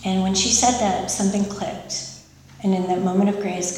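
A woman giving a candid, emotional personal testimony as a speaker at a recovery meeting, often pausing with fillers. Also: mid-range voice, little pitch movement, a little mellow, a little hiss or hum. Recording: echoey hall from far off.

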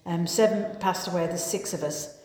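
A woman's voice: fairly low pitch, fairly quick, darkish tone, a little hiss or hum. A middle-aged woman with an Irish accent gives a personal testimony talk at a recovery meeting, chatty and self-mocking, often restarting her sentences. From Ireland. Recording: echoey hall with long reverb.

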